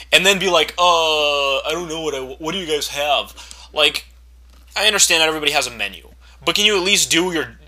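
Bright-voiced young man ranting. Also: on the high side, rough recording. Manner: profane, exasperated, building to angry shouting. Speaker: vlogger. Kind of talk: ranting monologue to camera.

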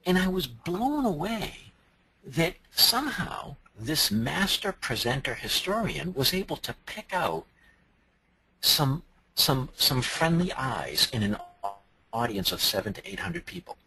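A man from Massachusetts giving a conference talk as a presentation trainer, animated and strongly inflected. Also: medium pitch, unhurried, slightly rough, dry recording, rough recording.

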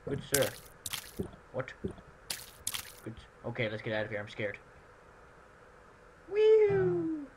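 A man giving jokey, excitable commentary while playing a video game. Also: mid-range voice. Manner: excitable, jokey, frequent outbursts. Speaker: gameplay commentator. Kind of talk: let's play commentary. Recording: loud background noise.

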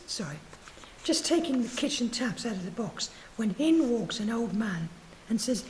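Woman reading her story out at an open mic, lively voice, soft and breathy, trips over words a bit. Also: mid-range voice, moderate pace, low-quality recording. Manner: breathy, soft, stumbles and corrects herself. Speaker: writers group reader. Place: live spoken word night.

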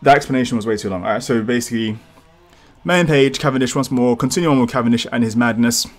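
Male reaction vlogger, mid-pitched, excitable and rambling, a bit under the weather. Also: fast. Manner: excitable, rambling, casual swearing. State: feeling sick, clearing throat. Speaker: channel host. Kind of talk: live manga reaction commentary.

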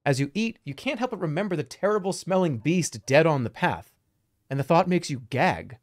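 A man's voice: on the high side, moderate pace. A man streaming, reading a fantasy gamebook aloud with joking asides and laughter. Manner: animated, joking, laughs between lines.

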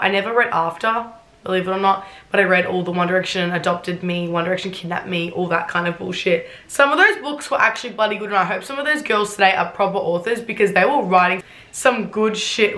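A woman's voice: mid-range voice, sharp tone. A woman, reacting bluntly and sarcastically on a casual vlog and swearing freely. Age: 20s. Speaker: YouTuber. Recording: roomy echo.

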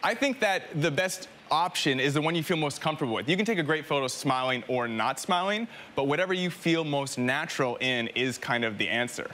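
A man as a TV studio guest, his voice high and bright as he talks quickly. He is easygoing and encouraging and laughs readily, with a faint studio ambience around him. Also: expressive, a little hiss or hum. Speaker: guest photographer. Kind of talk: friendly tips in a TV interview.

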